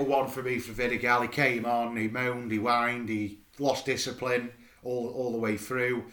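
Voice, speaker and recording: A man talks through a football match with a co-host in a blunt, exasperated way. His voice sits at an ordinary middle pitch for a man. The room gives it a noticeable echo. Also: fairly bright tone. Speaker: podcast co-host. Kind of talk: casual football fan chat.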